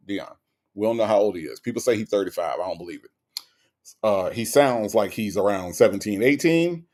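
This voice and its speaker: A man's voice: fairly low pitch, a little mellow. A man hosting a casual livestream, greeting viewers by name and reading their chat messages aloud. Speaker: livestream host.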